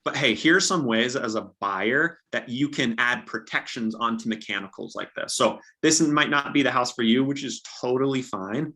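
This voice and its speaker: Bright-voiced young man giving upbeat sales tips. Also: mid-range voice, animated, normal speed, few pauses. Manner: upbeat, practical, acts out sample dialogues. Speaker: real estate agent, guest. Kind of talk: casual coaching talk.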